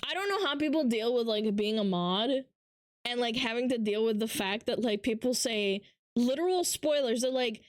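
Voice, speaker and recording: A high-pitched woman streamer talks casually to her chat, ranting and swearing as she mocks viewers. Her voice is close and dry, with no room sound around it. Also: expressive, normal speed, dry recording. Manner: ranting, profane, mocking impressions. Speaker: livestreamer. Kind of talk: casual livestream chat, reacting to chat.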